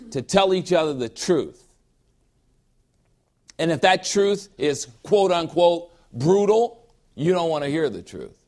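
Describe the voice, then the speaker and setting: A man preaching a sermon as pastor, emphatic, dropping low and slow to read scripture.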